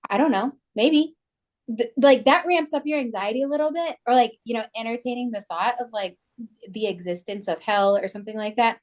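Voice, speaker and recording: A woman's voice: on the high side, fairly quick. Woman, podcast co-host, casual, filler-heavy chat. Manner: chatty, many "like" and "you know" fillers.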